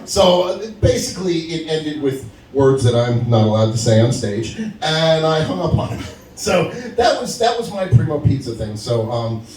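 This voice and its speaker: A man in his forties doing a stand-up set at an open mic, animated as he tells stories and acts out phone calls. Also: on the high side, normal speed, few pauses, a little hiss or hum. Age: 40s. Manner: animated storytelling, acts out phone calls, laughs at own jokes. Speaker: stand-up comedian. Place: stage at a live open mic. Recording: roomy venue sound from a distance.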